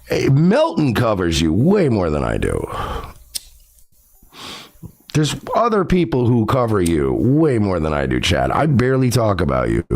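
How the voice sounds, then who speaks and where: A gravelly man hosts his own podcast, swinging his pitch all over as he rants. He is profane and confrontational, talking straight to the person he is calling out. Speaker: podcast host. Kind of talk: ranting monologue.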